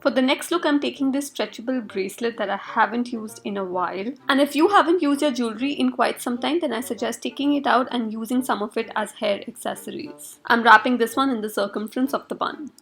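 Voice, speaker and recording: A woman's voice: on the high side, a little fast, vocal fry, few pauses, fairly bright tone, faint music behind. A young woman from India narrating a hair styling tutorial as a voice-over, with sarcastic, teasing asides to the viewer. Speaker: beauty vlogger.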